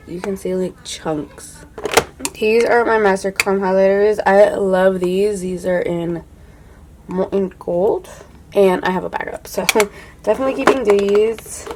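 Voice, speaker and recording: A young woman talks through her makeup collection in a relaxed, rambling way, sprinkling "like" everywhere. Her voice sits at an ordinary middle pitch for a woman. She often drops quiet and breathy when she admires a product. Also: noisy background. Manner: chatty, full of "like", drops to a soft hush when admiring products. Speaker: beauty vlogger. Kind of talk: casual makeup declutter chat.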